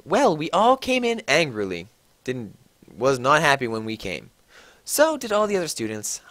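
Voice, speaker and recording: A man's voice: a little high, fairly bright tone, dry recording. A man giving a mocking, exaggerated comedic reading of fan fiction, swearing freely. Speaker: reader.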